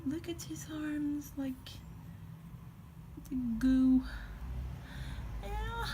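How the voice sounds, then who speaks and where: A young woman gushes excitedly over a new collectible, talking at a very slow, drawn-out pace and now and then sinking into a whisper. She is recorded on a phone, and steady room noise sits clearly behind her voice. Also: mid-range voice. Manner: gushing and excitable, drops into whispers at times. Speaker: vlogger unboxing a collectible figure. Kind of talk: casual unboxing chat. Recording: noisy room ambience behind.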